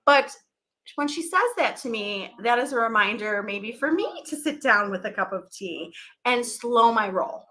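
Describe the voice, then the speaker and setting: Casting: bright, higher-pitched woman, middle-aged host, rambly and chatty. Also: lively intonation. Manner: chatty, rambling, quick to laugh. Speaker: podcast host. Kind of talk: casual live chat.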